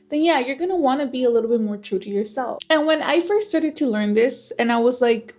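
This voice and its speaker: A woman's voice: high voice, animated, fairly quick, few pauses, a little mellow. A young woman with a lisp, hosting a casual self-improvement vlog, candid and chatty. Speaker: self-improvement channel host.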